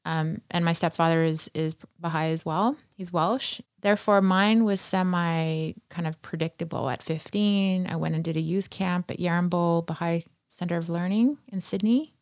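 Chatty, animated woman, dry close sound. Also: fairly low pitch, moderate pace, few pauses, dry recording. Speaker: interview guest. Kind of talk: conversational interview storytelling.

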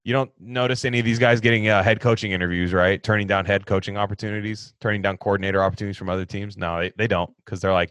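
A man hosting a casual sports talk, answering fan questions in an animated, ranting way that swings from loud outbursts to low mutters. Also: fast talker, hardly any pauses, dry recording.

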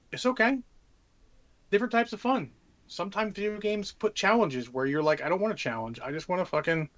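A man with a fairly high speaking voice, talking casually on a podcast and swearing freely as he gives laid-back advice. The sound is dull and lo-fi. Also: fairly bright tone. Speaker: podcast co-host. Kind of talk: casual chat.

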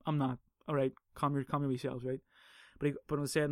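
A man's voice: a little high, fairly even intonation, quick pace, no echo, clean studio sound. Heated, swearing man ranting on tangents. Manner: profane, ranting, goes off on tangents; heated and emphatic. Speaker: podcast host. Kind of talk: casual monologue on arguing.

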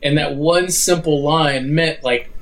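A man co-hosting a casual film podcast, excitable and full of "like"s and swearing. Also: on the high side, a little slow. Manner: excitable, swears a lot, many "like"s. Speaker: podcast co-host.

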